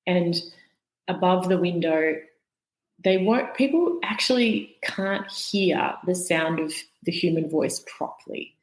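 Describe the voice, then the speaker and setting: Woman, lowish voice, calm and explanatory, guest expert, roomy echo. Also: slow. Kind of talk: explanatory interview talk.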